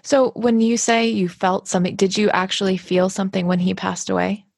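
A woman's voice: medium pitch, little pitch movement, a little fast, gravelly, a little mellow, slightly rough, dry recording, clean studio sound. A woman interviewing a guest, searching for words as she shares her own experience. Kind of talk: conversational interview.

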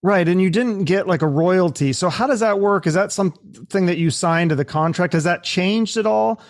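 A man's voice: high-pitched, moderate pace. A man hosting a podcast interview who asks curious, rambling questions. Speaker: podcast host. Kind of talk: casual interview conversation.

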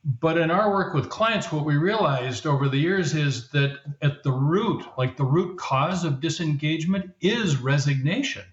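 A man's voice: fairly high pitch, animated, normal speed, hardly any pauses. A man who is a leadership coach and author, explaining his ideas as a guest in a podcast interview and sometimes acting out quoted voices. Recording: roomy, dull lo-fi sound.

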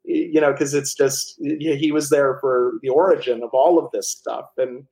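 A man telling animated stories as the author and guest in a casual interview, with many restarts. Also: mid-range voice, moderate pace, vocal fry, low-quality recording.

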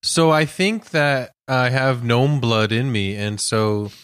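A male comedian guest riffing through absurd bits in a deadpan way. His voice sits at a middling pitch and is recorded close and dry. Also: takes it slowly, clean tone, no room sound. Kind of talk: casual comedy chat.

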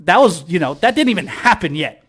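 Male podcast guest, animated and rambling, voice a bit higher than average. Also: fairly quick, slightly rough. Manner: animated storyteller, lots of fillers. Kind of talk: casual livestream chat.

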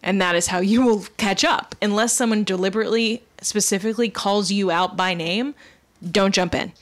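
A woman co-hosting a podcast, chatting casually about a TV episode with quick asides and easy laughter. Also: mid-range voice. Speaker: podcast co-host.

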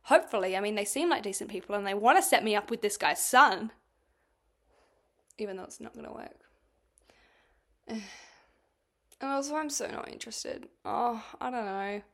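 A young woman hosting a casual solo podcast, telling a story in a chatty, animated way and swearing freely. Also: medium pitch, moderate pace, long pauses. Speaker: podcast host.

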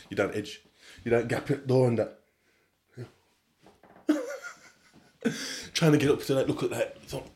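With a fairly low, slightly mellow voice, a young man hosts his own casual podcast. He rambles along in slangy, profane chatter and laughs a good deal.

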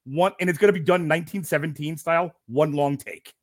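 A man co-hosting a casual film review podcast, animated, laughing often and swearing freely. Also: on the high side, fairly quick, no echo, studio quality. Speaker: podcast co-host.

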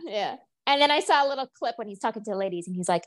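A woman's voice: mid-range voice, very fast, hardly any pauses. A woman co-hosting a casual pop culture podcast, chatting loosely, laughing often and slipping into mock voices when she quotes people. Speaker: podcast co-host. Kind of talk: casual chat.

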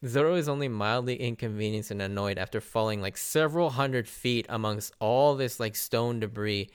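A man giving a casual, animated recap of an anime arc, laughing often and acting out characters' lines. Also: medium pitch, normal speed, clear, resonant tone. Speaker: anime reviewer.

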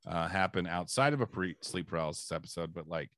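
Man, deep voice, dry close sound, hesitant casual podcast talker. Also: expressive, fast, fairly bright tone, dry recording. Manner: hesitant, full of fillers and restarts. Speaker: podcast co-host. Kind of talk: casual chat.

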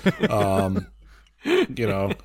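A man's voice: lowish voice, wildly swooping pitch, drawn-out words, over a noisy crowd. A man in his thirties co-hosting a podcast, talking in an easygoing, hesitant way. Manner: easygoing, hesitant, many fillers. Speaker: podcast co-host. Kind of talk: casual chat.

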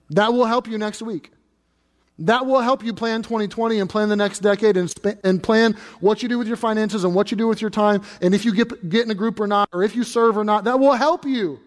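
A man's voice: sits high, big-room sound. A man preaching a sermon as pastor, conversational and emphatic, repeating phrases for stress.

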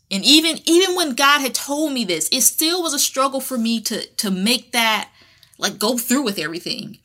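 Bright-voiced woman telling her story. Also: fairly high pitch. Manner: candid and conversational, with colloquial phrasing and frequent restarts. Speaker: podcast host. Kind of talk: casual personal talk.

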